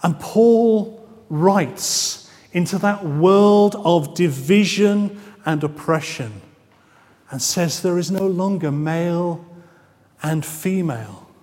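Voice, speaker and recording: A man preaching a sermon, measured and emphatic, drawing out key phrases. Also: high-pitched, a little mellow, long reverb tail. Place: church.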